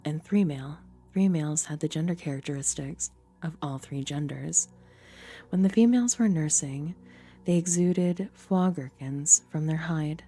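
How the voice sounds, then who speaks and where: A young adult woman, a streamer and voice actor, reading game lore aloud in a theatrical, deliberate storybook manner. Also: sits low, dark tone, soft background music.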